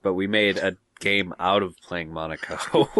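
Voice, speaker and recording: A man's voice: low-pitched, fairly even intonation, measured pace, bright, forceful tone, no echo, clean studio sound. A young man with a lateral lisp co-hosting a casual gaming podcast, bantering with mock indignation. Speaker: podcast co-host.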